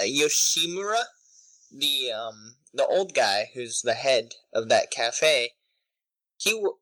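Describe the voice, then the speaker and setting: A young man co-hosting a podcast in casual chat, relaxed and self-deprecating, rambling with fillers. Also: medium pitch, rough recording. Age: young adult. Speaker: podcast co-host.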